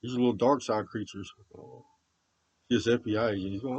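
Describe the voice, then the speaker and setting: A man talking unscripted to himself and others, rambling, drifting from low muttering to repeated loud shouts. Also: fairly even intonation, fairly quick, husky, no room sound, muffled recording.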